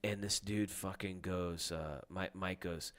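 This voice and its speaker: Animated swearing male storyteller. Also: low voice, measured pace. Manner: animated storyteller, swears a lot, acts out quotes loudly. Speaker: podcast co-host, comedian. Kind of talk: casual chat.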